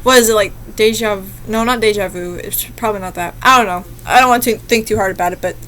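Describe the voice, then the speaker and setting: A woman's voice: medium pitch, quick pace, fairly bright tone, a little hiss or hum. A young woman reading short scary stories and chatting between them in a rambling, easily spooked way. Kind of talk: casual reaction commentary.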